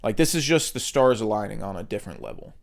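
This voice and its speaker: A man's voice: lowish voice, animated, quick pace, vocal fry. A man co-hosting a podcast, talking in a casual, rambling way with lots of fillers and restarts. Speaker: podcast co-host. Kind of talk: casual chat.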